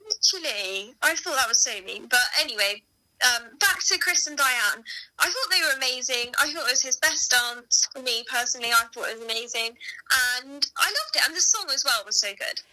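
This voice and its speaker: Giggly woman co-hosting a chat, really bright voice, swoopy pitch. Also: brisk, poor audio. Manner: giggly, animated reactions. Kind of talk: casual chat.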